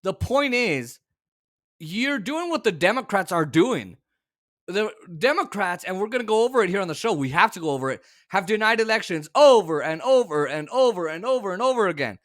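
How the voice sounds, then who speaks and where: A man hosting a political commentary show, talking in an opinionated, sarcastic and exasperated way, with sudden shouted bursts. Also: high-pitched, big pitch swings, fairly quick.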